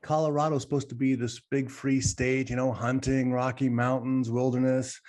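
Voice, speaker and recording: A podcast co-host with a medium-pitched, slightly mellow voice speaks at a moderate pace with flat delivery. In this casual discussion he talks emphatically and at length, rambling and often addressing listeners directly.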